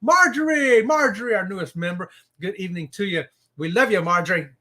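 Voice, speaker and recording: A man co-hosting a casual live stream, greeting viewers in the chat and talking in a lively way. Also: sits high, fast talker, very noisy. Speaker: co-host of cruise live stream.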